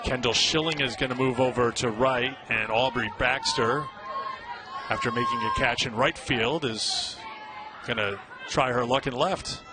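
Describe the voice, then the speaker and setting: A man calling a youth softball game play by play, upbeat and lifting his voice on big plays. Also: mid-range voice, a little slow. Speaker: play-by-play announcer. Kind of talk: live baseball commentary. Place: outdoor ballpark broadcast booth. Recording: crowd noise and outdoor din. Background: crowd and outdoor ambience.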